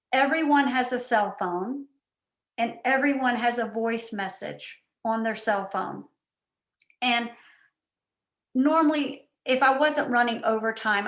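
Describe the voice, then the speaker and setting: Woman coach, team-call talk, chatty and animated, voice a bit high. Roomy, echoey audio. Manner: animated and chatty, many asides. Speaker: guest speaker and coach. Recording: roomy echo.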